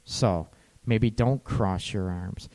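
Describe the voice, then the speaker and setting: A man hosting an advice show, talking casually about calming arguments between partners and tagging his sentences with "right?". He sometimes voices what a partner might say. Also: fairly low pitch, takes it slowly. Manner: conversational, frequent "right?" tag questions; acts out partner's lines in quoted dialogue. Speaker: relationship advice host.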